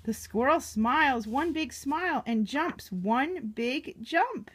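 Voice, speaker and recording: Lady reading a kids book to her nephew, slow and soft, keeps asking him stuff. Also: high-pitched, expressive. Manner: gentle, asks the child questions. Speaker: aunt reading a picture book to a child. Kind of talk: reading aloud to a young child.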